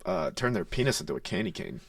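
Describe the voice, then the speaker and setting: A man's voice: deep voice, expressive, quick pace, vocal fry, a bit bright, no echo, clean studio sound, recorded from a distance. Laid-back rambling comedian in his thirties. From South Jersey. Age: 30s. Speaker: comedian guest. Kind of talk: casual comedy chat.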